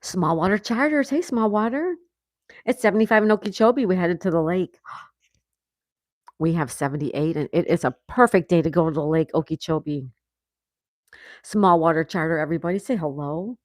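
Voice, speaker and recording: A woman from the United States hosts a casual livestream from her home in Florida, reading viewer comments aloud and laughing often. Her voice is low-pitched and her pace is normal. The recording is dry, with a clean studio sound.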